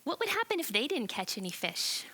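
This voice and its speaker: A woman tells a Bible story to children in an animated, questioning way, drawing them in as she goes. Her voice is bright and crisp, sitting a little high, in a friendly teaching manner. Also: fairly quick, low-quality recording.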